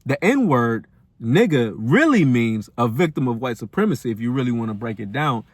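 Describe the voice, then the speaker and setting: Firm commentary host, dry sound. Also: male voice, medium pitch, sing-song, normal speed, no room sound. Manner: firm, preachy, building emphasis. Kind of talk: reaction rant.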